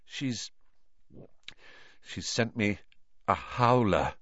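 A man's voice: medium pitch, expressive, very slow, bright, forceful tone, no echo, lo-fi sound, full character voice. A man voicing a teenage schoolboy who sounds alarmed and faint with dismay.

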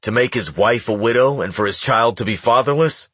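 A man's voice: mid-range voice, a little fast, sharp tone, dry recording. A man reading the lines of a stern young male clan leader in a firm, somber way. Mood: grave, stern.

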